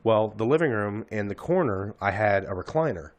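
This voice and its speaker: A man's voice: on the low side, expressive, moderate pace, no room sound. A man in his thirties, a podcast host telling a profane, rambling story in casual chat.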